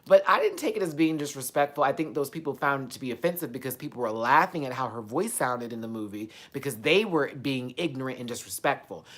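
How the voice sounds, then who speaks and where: This livestream host keeps things relaxed and talkative, responding to her audience while alternating between bursts of excitement and low mumbles.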